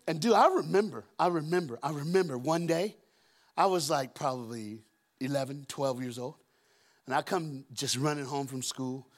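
A man preaching a sermon as a guest speaker, telling stories and acting out the scenes with shouts and deep put-on voices. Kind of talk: storytelling sermon. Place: church auditorium.

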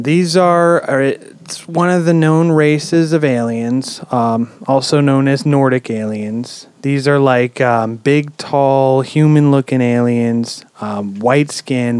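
A man hosting a podcast, telling a story in a relaxed, chatty way with lots of "um"s and casual swearing. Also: mid-range voice, clean tone, dry recording. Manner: relaxed, swears freely, many "um"s. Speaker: podcast host.

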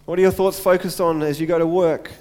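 Male pastor, earnest sermon delivery, rhetorical repetition, slightly high voice, echoing church. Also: flat delivery, fast talker, a little mellow, clear, resonant tone. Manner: earnest, repeats phrases and asks rhetorical questions.

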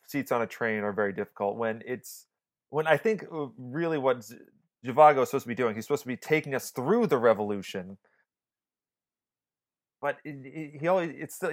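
This is a man co-hosting a film podcast in a loose, rambling chat. His voice sits at an ordinary middle pitch. He trips over his words, restarts often, and swears freely when he gets excited. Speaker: podcast co-host. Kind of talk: casual film review chat.

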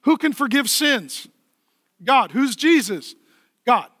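High bright-voiced guy preaching, punchy and chatty, dry close sound. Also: expressive, takes it slowly, no echo. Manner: emphatic, conversational preaching with repeated rhetorical questions. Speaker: pastor. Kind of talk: sermon.

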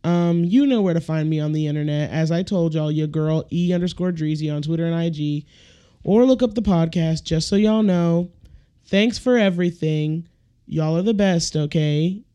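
A woman hosts her own podcast, delivering a blunt, profanity-laced comic rant. Her voice is dark and mellow, and she talks in an animated, rambling way. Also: lowish voice, moderate pace, smooth, dull audio. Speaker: podcast host. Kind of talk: casual comedic rant.

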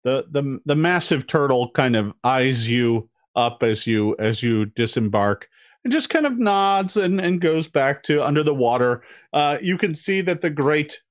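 A man's voice: medium pitch, no room sound, clean studio sound. A man narrating as game master of a tabletop game, descriptive and hesitant, full of ums and restarts.

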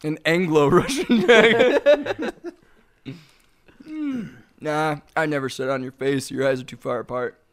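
A man co-hosting a rowdy podcast, joking crudely and laughing constantly, sounding high. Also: level tone, measured pace, pauses often, clean tone. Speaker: podcast co-host. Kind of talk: rowdy casual chat among friends.

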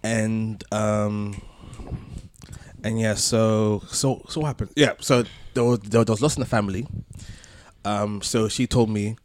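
A man's voice: on the low side, steady tone, measured pace, a little mellow, slight background noise. Rambling man telling a story. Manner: rambling, many restarts, laughs between phrases. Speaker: podcast co-host. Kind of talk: casual storytelling chat.

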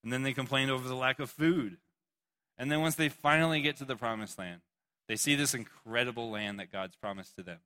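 A young male pastor giving an animated, joking sermon and calling on listeners by name. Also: mid-range voice, brisk. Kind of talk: youth sermon.

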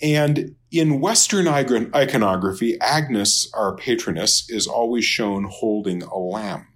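A man teaching a Latin lesson in an unscripted lecture, halting with many fillers and restarts and dry asides. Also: lowish voice. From Minnesota, United States.

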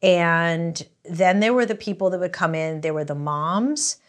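A middle-aged woman from the US East Coast, a memoir author telling candid stories in an interview, rambling and animated with many restarts. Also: fairly low pitch, unhurried.

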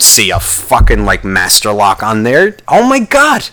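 A man's voice: low-pitched, big pitch swings, unhurried, few pauses, sharp tone. A man hosting a podcast, telling a rambling comedic rant full of swearing and questions to himself. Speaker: podcast host.

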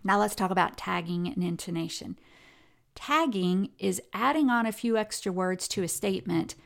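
A woman giving a conversational lecture, restarting sentences often and acting out quoted speech with lively intonation. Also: medium pitch, creaky. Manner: conversational, with many fillers and self-corrections; animated, reads quotes aloud with expressive intonation. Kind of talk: recorded lecture on language and gender.

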